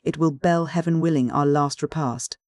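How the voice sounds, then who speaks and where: A man voicing an older male professor in an audiobook, calm, measured and persuasive. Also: a little high, dry recording, studio quality, close to an everyday voice. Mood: resolute. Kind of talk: audiobook character reading.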